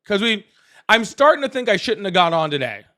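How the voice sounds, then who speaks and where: Guy running a live politics stream, high bright voice, jumps all over the place, excitable. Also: a little fast. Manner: animated, laughs often, thanks viewers; apologetic, excitable. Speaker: livestream host. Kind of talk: live call-in political chat.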